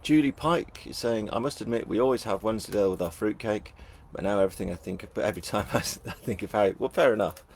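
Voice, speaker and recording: A man's voice: fairly low pitch, fast talker, vocal fry, a little hiss or hum. A middle-aged man with a Northern English accent, chatting casually as he reads out viewer comments at a live book launch, jokey and self-deprecating. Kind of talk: casual live-stream chat reading comments.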